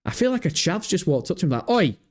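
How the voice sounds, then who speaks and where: A man's voice: sits high, sing-song, fast, a little mellow, breathy edge. A man hosting a casual live stream, talking animatedly, thinking aloud and swearing freely.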